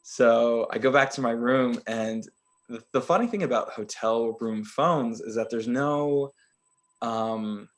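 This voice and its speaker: A man co-hosting a podcast who tells a story in a casual, animated way and laughs often. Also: medium pitch. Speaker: podcast co-host.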